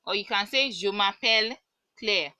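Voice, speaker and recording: Bright-voiced woman teaching French. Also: mid-range voice, clean tone, no room sound, poor audio. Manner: patient, repeats words slowly for pronunciation. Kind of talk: online language lesson.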